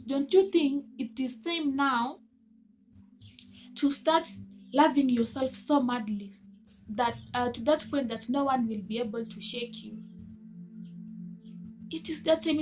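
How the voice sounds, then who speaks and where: A woman speaks straight to the listener in a motivational self-help talk. Her voice sits a little high, and she sounds earnest and coaxing as she presses gentle rhetorical questions. Soft music plays faintly underneath.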